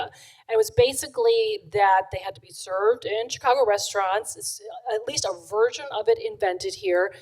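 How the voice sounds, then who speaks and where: A woman co-author giving a chatty, animated book talk to a live audience. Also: mid-range voice, moderate pace, rough recording. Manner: chatty and animated, acts out quotes. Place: event room with an audience.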